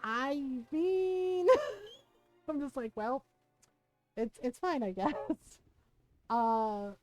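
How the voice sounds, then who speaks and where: A woman's voice: sits high, extremely slow, no room sound, lo-fi sound, faint music behind. A woman streaming a game, chatting casually and laughing as she plays. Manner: chatty, laughing, animated impressions. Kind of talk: casual live-stream commentary.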